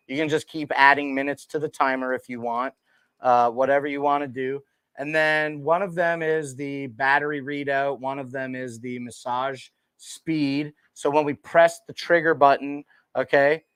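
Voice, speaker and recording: A man's voice: medium pitch, a bit bright, smooth, no echo. A man hosting a casual shopping livestream, chatty and full of fillers, calling the audience dude and bro from his desk. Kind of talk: casual product showcase livestream. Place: small room at a desk. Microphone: desk microphone.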